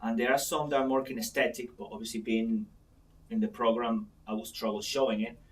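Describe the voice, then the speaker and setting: A man acting as a mindset coach, guiding an exercise in a calm, slow manner. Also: medium pitch. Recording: voice from a distance to the mic, faint noise.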